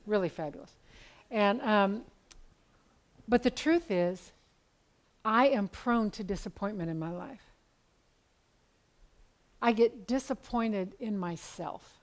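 A woman's voice: mid-range voice, rough recording. Woman, 70s, Bible study teacher; candid, conversational storyteller with dry self-deprecating humor.

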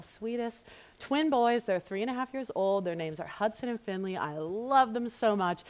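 A woman in her thirties teaching a women's Bible study, telling family stories in an earnest, storytelling way and praying in a hushed voice. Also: lowish voice. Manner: warm, storytelling, earnest, softening to a hushed prayer. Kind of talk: women's ministry teaching talk. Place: church women's gathering, live audience.

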